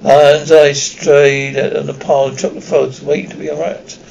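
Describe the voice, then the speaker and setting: A man narrating a children's fantasy book aloud, trips over words and goes back to fix them. His voice sits a little high and has a gravelly, fry-laden texture. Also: flat delivery, normal speed, a little mellow, muffled recording. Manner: reads with frequent slips and restarts. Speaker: audiobook reader. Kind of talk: amateur audiobook narration.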